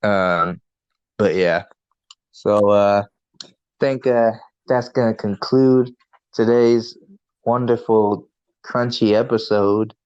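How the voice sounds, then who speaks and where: Laid-back low-voiced male podcast host. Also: fairly even intonation, takes it slowly, long pauses, a little mellow, clean tone, no room sound. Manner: laid-back, rambling, swears casually. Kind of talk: casual chat. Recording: dull lo-fi, dry sound.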